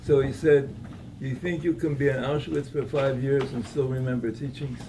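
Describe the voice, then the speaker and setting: A man giving a Torah talk at an evening gathering, telling a story in a halting way, with many repeated words and restarts. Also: medium pitch, steady tone, far from the mic, background noise.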